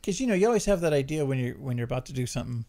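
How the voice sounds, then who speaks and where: A man's voice: medium pitch, lively intonation, rapid-fire, warm tone. A man co-hosting a podcast in crude, joking casual banter. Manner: crude, jokey, slips into put-on voices. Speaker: podcast co-host.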